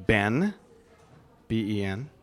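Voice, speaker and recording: A man's voice: lowish voice, sing-song, slow. A man from Wisconsin chatting playfully with kids into a handheld microphone, goofy and stumbling over his words. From Milwaukee, Wisconsin. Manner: playful, goofy, stammering restarts. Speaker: visitor chatting with children at an event. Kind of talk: casual chat.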